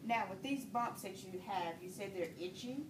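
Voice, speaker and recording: A woman nursing instructor demonstrating a patient assessment, giving calm step-by-step instructions. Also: mid-range voice, normal speed. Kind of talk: clinical skills demonstration. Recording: echoey room, far from the mic, noisy.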